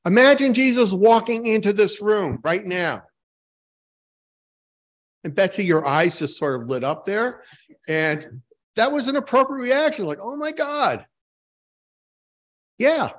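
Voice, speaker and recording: Male pastor with a somewhat high voice; informal, joking, talks with his congregation rather than at them. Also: animated, measured pace, pauses often. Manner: informal, asks the congregation questions, self-mocking jokes. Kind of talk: conversational sermon.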